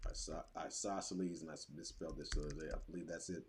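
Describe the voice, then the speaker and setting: A man's voice: very deep voice, steady tone, rapid-fire, a little hiss or hum. A man presenting a classroom writing activity in a casual webinar, thinking aloud as he clicks through his screen. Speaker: teacher presenter. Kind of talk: instructional webinar demo.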